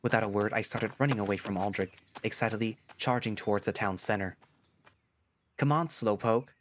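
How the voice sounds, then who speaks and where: A man narrating a first-person story in a lively storytelling manner. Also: fairly low pitch, fairly quick, slight background noise. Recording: music playing behind.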